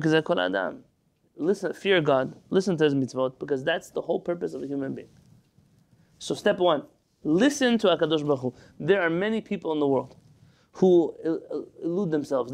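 High-voiced male teacher giving a Torah lecture, reading Hebrew and explaining it in English. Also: creaky. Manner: reads Hebrew text then explains in English, asks rhetorical questions.

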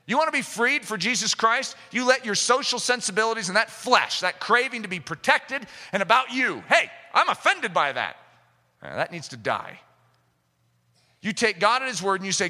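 A man preaching a sermon with fervor, rising to shouts for emphasis. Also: sits high, lively intonation, brisk. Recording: echoey hall reverb.

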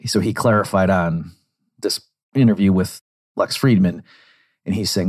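Guy with a really low voice breaking down an interview clip, wanders off on side points. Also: a little slow, long pauses. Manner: digressive, explanatory, acts out quotes. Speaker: commentator. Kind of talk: analytical commentary on interview clips.

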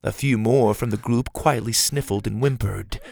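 A man giving scripted storybook narration in an even, clear storytelling delivery on a close studio mic. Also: mid-range voice, moderate pace. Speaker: audiobook narrator.

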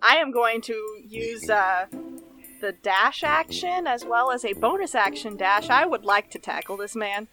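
A woman's voice: fairly high pitch, expressive, measured pace, bright, forceful tone, soft background music, low-quality recording. A woman playing a tabletop game in an eager, playful way. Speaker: player.

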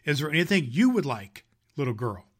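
A man's voice: fairly high pitch, big pitch swings, brisk. A man voicing a jolly old Santa with a big, hearty, laughing voice. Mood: jovial.

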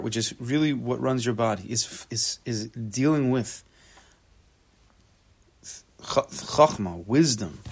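A man teaching a relaxed Torah class, translating the text phrase by phrase, with joking asides and repeated words as he thinks aloud. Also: mid-range voice, creaky. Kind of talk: casual spoken Torah class.

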